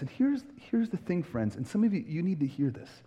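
A man's voice: on the high side, very animated, moderate pace, hardly any pauses, dark tone, husky. A man hosting a podcast, delivering an earnest, emphatic preaching-style monologue and acting out quoted voices. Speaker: podcast host, pastor.

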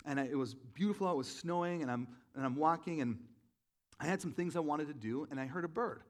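A man preaching a sermon in a relaxed, storytelling way, with many "like"s and restarts, poking fun at himself. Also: a little high, fairly quick. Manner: conversational, self-deprecating storytelling with many fillers. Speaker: pastor.

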